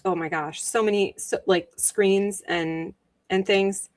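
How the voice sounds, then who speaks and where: Woman doing a chill livestream, unhurried, lots of ums and little giggles, saying hi to chat. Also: medium pitch, steady tone. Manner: chatty, greets viewers, giggles often, many ums. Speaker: livestream host.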